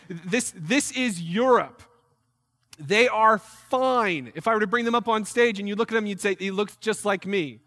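Man from new york, high voice, missionary talk, animated, jokey storytelling. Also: big-room sound. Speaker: missionary speaker. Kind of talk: ministry presentation to a church group.

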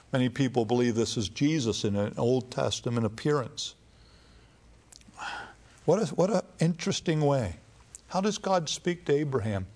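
A man preaches a sermon at a middling pitch, retelling scripture as a relaxed, conversational story. He talks plainly with the odd filler and restart, as though chatting with a congregation.

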